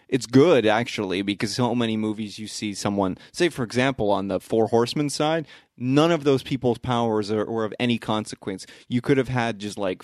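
A man's voice: lowish voice, no echo, clean studio sound. A man in casual chat about a film, swearing often and talking in run-on bursts.

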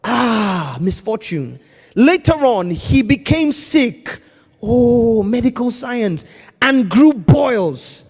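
Preacher man with booming swings in pitch. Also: very animated, slow, slightly rough, in a large hall. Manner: swings from hushed intensity to shouting. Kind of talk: sermon.

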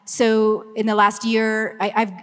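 A fifty-something woman with a Valley Girl accent from Southern California speaks to a church meeting, bubbly and chatty, full of "like". Her voice sits fairly high for a woman. It rings out with the long reverb of a hall. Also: completely flat delivery, measured pace, clear, resonant tone. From Los Angeles, USA. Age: 50s. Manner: bubbly, effusive, chatty with frequent "like". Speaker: ministry communications director. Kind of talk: church meeting talk and prayer.

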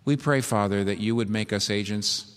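A man's voice: fairly low pitch, normal speed. A man preaching a sermon, retelling a story vividly and with emphasis before leading a prayer. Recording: long hall reverb.

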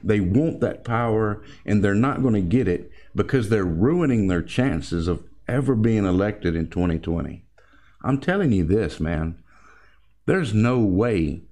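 A man's voice: fairly low pitch, animated, unhurried, mellow. A man delivering an opinionated political commentary monologue, speaking emphatically and calling his listeners folks.

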